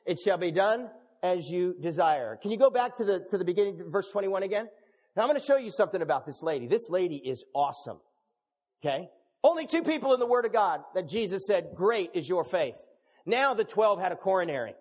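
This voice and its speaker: A middle-aged man preaching a sermon as a pastor, animated and joking, acting out scenes. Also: high-pitched, fast. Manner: animated, jokey preaching with acted-out dialogue. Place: church hall. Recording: long reverb of a large hall.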